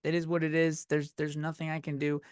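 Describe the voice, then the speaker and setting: A man with a fairly high voice rants through a comedy podcast, swearing freely and tripping over his own restarts. The sound is dry and close, with no room around it. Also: monotone, fairly quick, smooth, no echo. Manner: rambling, profane, self-interrupting. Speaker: podcast host. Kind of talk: comedic solo rant.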